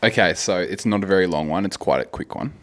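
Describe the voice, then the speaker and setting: A young man co-hosting a podcast in casual chat, telling quick gags and bluntly grossed out by food talk. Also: deep voice, a bit bright. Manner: jokey, tells short gags, blunt and squeamish. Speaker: podcast co-host.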